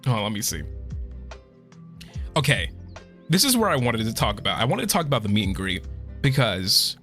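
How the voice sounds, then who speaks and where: Male streamer, lively bright voice, swears a lot and fights back tears, faint music behind. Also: mid-range voice, normal speed. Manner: emotional, swears a lot, trails off and restarts. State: choked up, holding back tears. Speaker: VTuber streamer. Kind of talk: casual chat with viewers.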